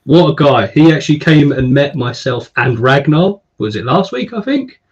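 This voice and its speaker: A man hosts a casual live stream at a medium pitch and chats easily, reading out viewer names with shout-outs. The stream audio sounds a little dull. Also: expressive, moderate pace, breathy edge.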